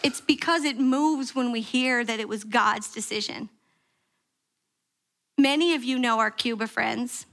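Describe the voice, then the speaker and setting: Woman pastor, high and bright, animated sermon storytelling in church. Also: measured pace. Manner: animated storytelling, acting out quoted prayers with sharp pitch jumps. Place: church sanctuary.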